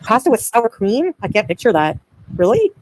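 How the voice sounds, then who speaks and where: A woman's voice: on the high side, very animated, moderate pace, a little mellow, slight background noise, low-quality recording. A woman chatting on her livestream, giggling and answering viewers by name. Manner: giggly, rambling, answers chat names. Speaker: livestreamer reading chat. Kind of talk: casual livestream chat.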